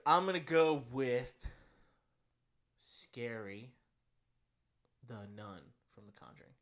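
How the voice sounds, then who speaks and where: A man's voice: mid-range voice, lively intonation, slow pace, a bit bright. A young man co-hosting a casual podcast, joking and teasing in a rambling way. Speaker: podcast co-host. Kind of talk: casual chat.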